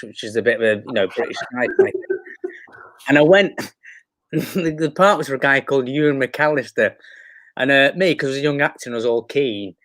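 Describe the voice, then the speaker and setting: A man's voice: medium pitch, a bit bright, no room sound. A man with a Manchester accent, an actor guest chatting casually on a video call and telling rambling, self-mocking stories. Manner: self-deprecating, rambling anecdotes. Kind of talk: casual chat.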